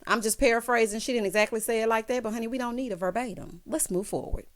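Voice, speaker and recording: A woman's voice: a little high, fast talker. A woman giving a casual, gossipy recap of a reality show, talking straight to her viewers and calling them honey and child. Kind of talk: casual recap commentary to camera.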